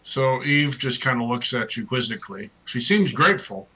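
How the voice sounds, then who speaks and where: A man's voice: medium pitch, animated, moderate pace, sharp tone, poor audio. A man narrating as dungeon master, casual and easygoing. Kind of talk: narrating a tabletop game.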